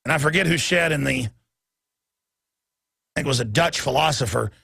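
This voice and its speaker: A man hosting a radio talk show, delivering a heated, emphatic monologue that swings between loud and soft. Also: mid-range voice, normal speed, vocal fry, breathy edge, no echo, clean studio sound. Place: radio studio.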